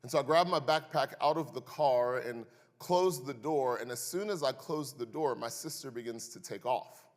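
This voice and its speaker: A young man preaches in a church sanctuary, his voice carrying a long reverb through the hall. His pitch sits in an ordinary middle range. He tells stories with animated swings and slips in dry, joking asides to the congregation. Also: moderate pace. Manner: animated, building to loud emphasis in stories. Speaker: pastor. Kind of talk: sermon with personal storytelling.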